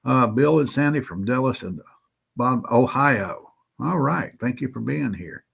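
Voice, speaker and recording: A man's voice: medium pitch, lively intonation, unhurried, vocal fry, fairly bright tone, breathy edge. A man with a Southern accent hosting a casual livestream, greeting viewers by name in a folksy way. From Southern United States. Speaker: host of a prepping livestream.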